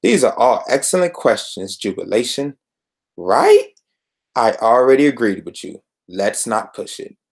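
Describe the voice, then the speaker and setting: A dry, unflappable soldier hero, read by a man in his own voice, answers flatly and without fuss. The delivery stays deadpan, like comic dialogue read aloud. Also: medium pitch, measured pace.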